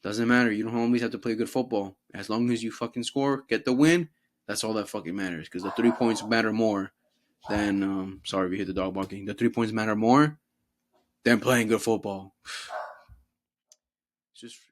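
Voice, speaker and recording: A man's voice: on the low side, moderate pace. A young man hosting a casual football talk show, swearing freely and mocking players in put-on voices. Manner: profane, animated, mocks players in put-on voices. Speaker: podcast host.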